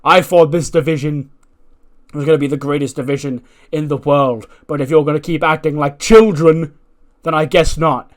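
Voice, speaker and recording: A man voicing a stern male wrestling general manager, announcing a match with slow, drawn-out dramatic delivery. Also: fairly high pitch, fairly even intonation, close to an everyday voice. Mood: commanding.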